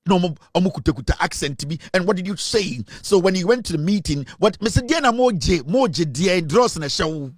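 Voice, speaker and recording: A man's voice: high-pitched, expressive, fairly quick, few pauses, no room sound, studio quality. A Ghanaian man hosting comic political commentary, mixing English with Twi and laughing often. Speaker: show host.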